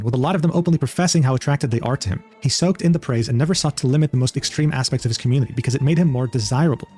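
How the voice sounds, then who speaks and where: A man reading out a written document in a rapid, matter-of-fact way. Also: mid-range voice, a little mellow.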